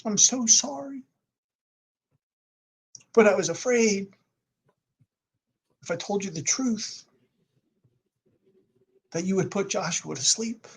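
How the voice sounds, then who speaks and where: A man voicing a dying elderly man who speaks in an earnest, pleading way, in a husky voice. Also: high voice, slow pace, pauses often, pitched above the performer's own voice, heavily acted.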